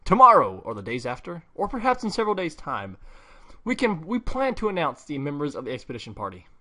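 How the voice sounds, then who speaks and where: A man's voice: on the high side, huge pitch swings, brisk, pushed and bright, full character voice. A man voicing a bossy, fussy male parrot guild assistant, reading game dialogue aloud in a stern, lecturing way. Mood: announcing.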